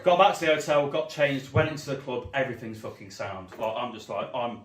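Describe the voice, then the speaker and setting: A man's voice: mid-range voice, animated, a little fast, background noise. A young man, from Leicester, telling a rambling, sweary stand-up story with many ums. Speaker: stand-up comedian. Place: comedy gig room. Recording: roomy echo, heard from far off.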